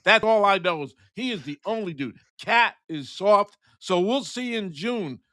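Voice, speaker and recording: A man's voice: high voice, animated, a little slow, a bit bright, dry recording, studio quality. A man from New York ranting bluntly about sports as a co-host, with slangy, emphatic talk.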